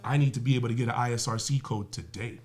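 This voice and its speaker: The music business guest talks at a quick pace in a mid-range, slightly mellow voice, with a little hiss or hum on the recording. During the podcast interview he's emphatic and swears, firing off rhetorical questions and ordinary analogies.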